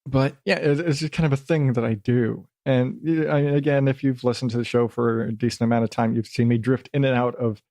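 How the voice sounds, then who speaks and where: A man's voice: mid-range voice, steady tone, a little fast, hardly any pauses, a little mellow, dry recording, clean studio sound. A middle-aged man hosting a solo podcast, rambling and self-deprecating, swearing casually and dropping into silly voices now and then. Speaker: podcast host.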